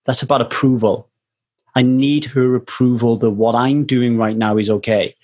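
A man's voice: mid-range voice, fairly even intonation, normal speed, darkish tone. A man hosting a casual conversation, earnestly telling a personal story in a reflective way.

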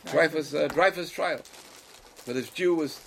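A man giving a Torah lecture to a live class, speaking emphatically, swinging between loud exclamations and quiet asides, and putting questions to his listeners. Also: on the low side, animated, a little fast, vocal fry, a little hiss or hum, poor audio. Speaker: Torah teacher.

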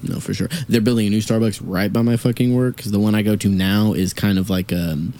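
A man's voice: fairly low pitch, fairly even intonation, brisk, warm tone, a little hiss or hum. A young man in casual podcast chat, rambling through a story with lots of fillers and swearing. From Dallas area, USA.

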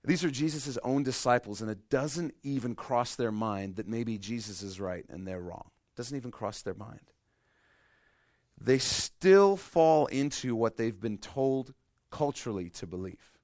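A middle-aged man delivers a sermon in a dry, close sound with no room echo. His voice sits at an ordinary pitch, and his storytelling runs from loud, emphatic peaks down to quiet, hushed lows, with a streak of self-deprecating humor. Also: unhurried. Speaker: pastor.

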